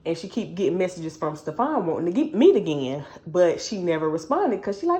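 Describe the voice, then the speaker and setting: A woman recapping a book for her viewers in loose, chatty slang. Her pitch swings widely as she tells the story. She keeps things casual and animated. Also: fairly quick, few pauses. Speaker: book reviewer.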